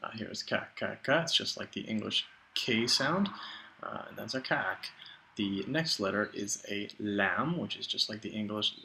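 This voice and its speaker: Bright, playful male Arabic teacher. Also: fairly low pitch, expressive, vocal fry, a little hiss or hum, poor audio. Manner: patient, playful, sounds letters out slowly and repeats them. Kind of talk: explanatory lesson narration.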